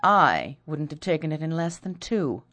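A woman's voice: low-pitched, sing-song, moderate pace, a bit bright. A woman voicing a jealous, proud elder sister. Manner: passionate and bitter.

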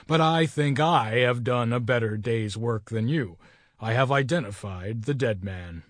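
A man's voice: medium pitch, unhurried, no room sound, close to an everyday voice. A man reading the part of a brash, self-assured police inspector, assertive and a little condescending.

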